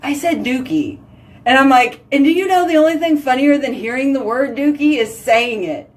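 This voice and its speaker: A woman's voice: high voice, normal speed, recorded from a distance. A woman hosting a casual live video chat, telling giggly stories and answering viewer comments. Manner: chatty, giggly storytelling. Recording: voice slightly off-mic.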